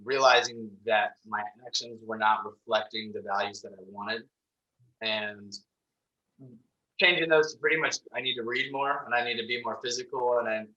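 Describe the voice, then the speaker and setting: A man's voice: medium pitch, steady tone, moderate pace, pushed and bright, dull audio. A man in his twenties, a podcast guest, talking in an eager, thoughtful way. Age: 20s. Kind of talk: casual chat.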